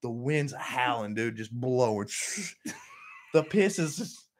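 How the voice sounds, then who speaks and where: A young adult man hosting a podcast, telling a crude story with animated, profane energy and frequent laughter. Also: mid-range voice, takes it slowly. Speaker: podcast host. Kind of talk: casual storytelling.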